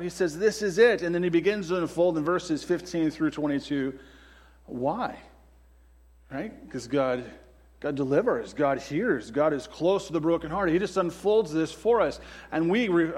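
A man preaching a sermon to a congregation in a conversational way, often asking rhetorical questions. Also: on the high side. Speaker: pastor. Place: church before a congregation.

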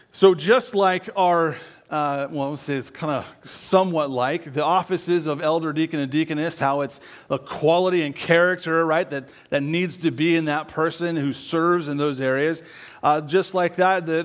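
Conversational man preaching a sermon. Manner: frequent tag questions, conversational preaching with self-corrections; drops low and quiet at key words. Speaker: pastor.

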